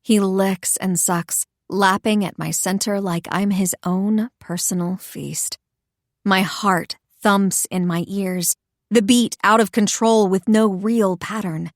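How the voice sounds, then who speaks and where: A woman narrating a first-person romance audiobook in an expressive, intimate storytelling voice. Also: mid-range voice, slow, no echo, studio quality.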